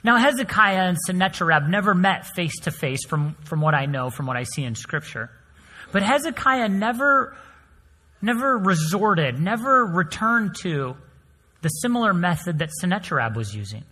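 A male pastor preaching a sermon, telling stories with swings between loud emphasis and soft, hushed lines. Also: high-pitched, sing-song, normal speed, slightly rough. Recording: long hall reverb.

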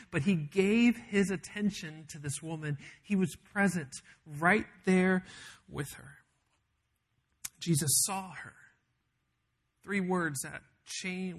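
High-voiced man preaching a sermon. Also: fairly bright tone. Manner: emphatic storytelling with dramatic pauses and restarts. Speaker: pastor.

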